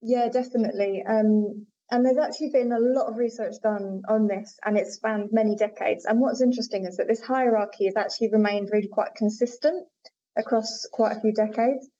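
A woman's voice: medium pitch, fairly even intonation, brisk, warm tone. A woman linguistics researcher, a podcast guest, explaining in an articulate, conversational way with frequent fillers. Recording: dull lo-fi audio.

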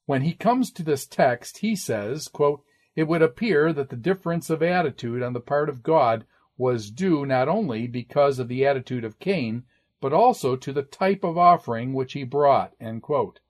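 An older man teaches a class in a measured, methodical way. He reads quotations aloud and frames each one with "quote" and "end quote". His pitch sits in the ordinary middle range for a man. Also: animated. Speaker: lecturer. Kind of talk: classroom lecture.

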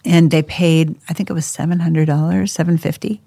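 A woman telling her own story in a casual podcast chat. She talks in an animated way, laughs often and acts out the voices of people she quotes. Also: deep voice, fairly quick, vocal fry. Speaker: co-host sharing her life story.

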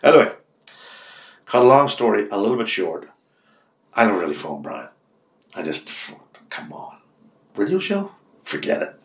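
A man's voice: moderate pace, long pauses. Older Irish man telling stories. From Ireland. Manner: lively storyteller, acts out quoted dialogue with big pitch jumps. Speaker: radio host, interview guest. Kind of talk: anecdotal storytelling in an interview. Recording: roomy echo.

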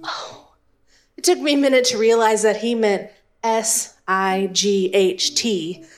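A woman's voice: medium pitch, fairly even intonation, measured pace. A woman in her thirties from East Texas, with an East Texas accent, telling a humorous, self-deprecating story as a speaker to a live audience. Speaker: speaker and Spanish teacher.

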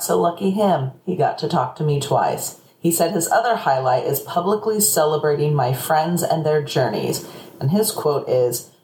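Quick, playful woman podcast host in an echoey room. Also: low-pitched, darkish tone. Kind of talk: casual recap monologue. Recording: echoey room with faint noise.

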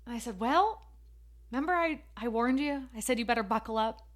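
Lady podcaster, higher voice, gets all emotional and emphatic telling her story. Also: fairly quick. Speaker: podcast host. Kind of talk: motivational podcast monologue.

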